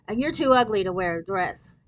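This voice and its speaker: A woman reading aloud and voicing a strong-willed sixth-grade girl who shouts fierce insults. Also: medium pitch, animated, a little fast, natural voice. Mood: furious.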